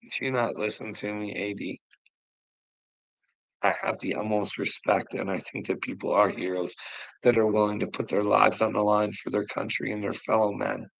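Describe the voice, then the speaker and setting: In a gravelly, fairly low voice with little pitch movement, a middle-aged man talks at normal speed during a casual livestream rant. He curses heavily and laughs frequently while addressing his chat, and the audio is dry and poor.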